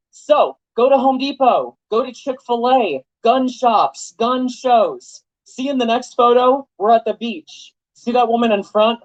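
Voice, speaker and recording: Young guy giving a jokey fired-up speech to a crowd, kinda muffled recording. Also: high voice. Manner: animated, joking, rhetorical questions. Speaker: political activist speaker. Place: event venue with live audience.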